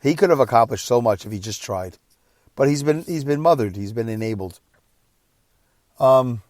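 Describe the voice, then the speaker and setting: A man's voice: mid-range voice, expressive, normal speed, no room sound, clean studio sound. Tired man telling a personal story. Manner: emotional, rambling, swinging between quiet and loud. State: exhausted. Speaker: podcast host.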